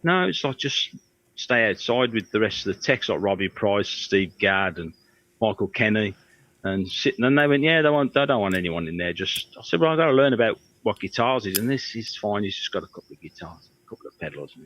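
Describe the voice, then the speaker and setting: A man's voice: lowish voice, animated, fairly quick, a bit bright. Middle-aged man spinning anecdotes. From Birmingham, England. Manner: rambling anecdotes, acts out quoted voices. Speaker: guest, guitar tech. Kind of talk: casual storytelling interview. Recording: dry, slightly dull audio.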